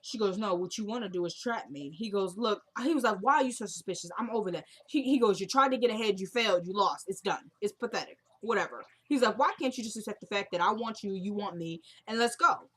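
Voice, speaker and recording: A woman's voice: mid-range voice, animated, fast, few pauses, a bit bright, breathy edge. A young woman casually recapping a TV drama episode, retelling scenes and quoting the characters in a chatty way.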